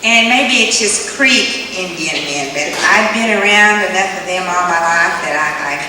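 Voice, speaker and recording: A woman's voice: on the low side, moderate pace. A woman telling stories to an audience in a plain, conversational, explanatory way. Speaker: storyteller. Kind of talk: storytelling talk to an audience. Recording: echoey hall, distant mic, noise.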